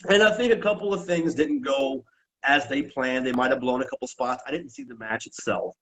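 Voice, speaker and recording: A man's voice: mid-range voice, fairly quick, low-quality recording. A man who used to wrestle and referee, telling stories on a podcast in a casual, profane way and acting out what people said. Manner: profane, animated storyteller who acts out quotes.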